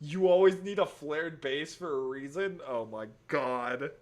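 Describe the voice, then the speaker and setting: A young man with a fairly high-pitched, slightly slow voice chats casually while streaming a game. He's excitable and profane, cursing and laughing often.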